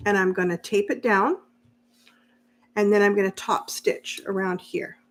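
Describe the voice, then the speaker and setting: Woman, sewing-stream host, chatty, quick to laugh, answers viewer comments while working. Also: medium pitch, steady tone. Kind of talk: casual live-stream sewing chat.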